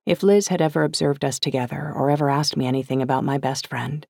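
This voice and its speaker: A woman's voice: a bass voice, fairly even intonation, quick pace, creaky, a little mellow, dry recording. Wry woman reading an audiobook, dry sound. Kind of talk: first-person audiobook narration.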